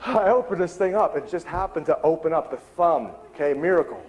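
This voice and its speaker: A man giving an earnest lecture, telling a story with lively acted-out dialogue and swings in pitch. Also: a little fast. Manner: animated, acts out dialogue with big pitch swings; earnest, spiritual framing.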